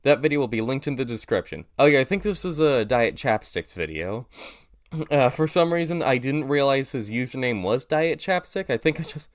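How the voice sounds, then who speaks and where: A young man with a nasal voice, rambling through casual reaction commentary with lots of fillers and restarts, poking fun at himself. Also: medium pitch. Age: young adult. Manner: rambling, self-deprecating, many fillers and restarts. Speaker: YouTuber reacting to his old video.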